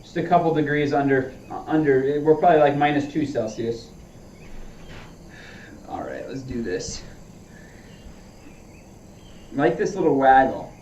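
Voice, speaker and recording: A man's voice: mid-range voice, normal speed, darkish tone, a little hiss or hum. A man chatting casually to his viewers while practicing golf, talking himself through his swings. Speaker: golfer streaming a practice session. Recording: roomy, distant, dull lo-fi sound.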